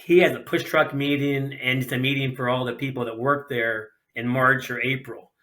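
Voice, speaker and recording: Speaking at a moderate pace with medium pitch, this podcast guest is a middle-aged racer from Ohio in the USA. His casual storytelling is animated, and he acts out the voices of anyone he quotes.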